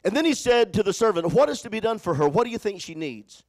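A man preaching a sermon, telling a Bible story and calling on his congregation to answer, moving between loud exhortation and hushed storytelling. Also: high voice, very animated, fast talker. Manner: preaching with call-and-response to the congregation; repeats words when starting phrases. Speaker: pastor.

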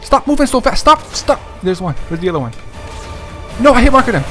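A young man giving excited gameplay commentary, laughing, gasping and repeating himself as he plays. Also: very high-pitched, quick pace. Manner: excitable, laughs and gasps often, repeats phrases. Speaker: gaming YouTuber. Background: background music.

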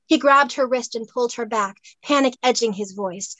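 A woman author reading her novel aloud in a lively, amused storytelling manner on a close mic. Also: fairly high pitch, normal speed, no room sound, poor audio. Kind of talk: audiobook-style narration.

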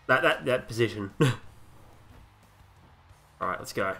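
An Australian man in his twenties talks over a wrestling game with crude jokes and loose, rambling asides. He breaks into loud, excited play-by-play calls, with faint music playing underneath. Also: fairly low pitch, a little slow, pauses often. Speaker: gaming commentator. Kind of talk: casual let's play commentary.

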